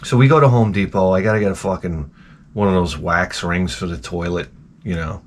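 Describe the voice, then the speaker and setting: A man ranting profanely in a rambling vlog monologue, exasperated, swinging between loud outbursts and low muttering. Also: brisk, a little hiss or hum. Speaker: vlogger.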